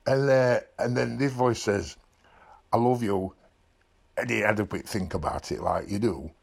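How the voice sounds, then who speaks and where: A man's voice: on the low side, unhurried, vocal fry. A man with a Yorkshire accent voicing a trained animal who tells blokey tall tales and drops his voice for asides. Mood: storytelling. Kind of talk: dubbed comic voice-over.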